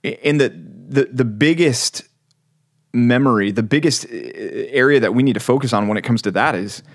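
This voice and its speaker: Animated male podcast host, dry mic. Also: mid-range voice, normal speed, dry recording. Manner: animated storyteller, acts out quotes. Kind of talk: casual faith podcast chat.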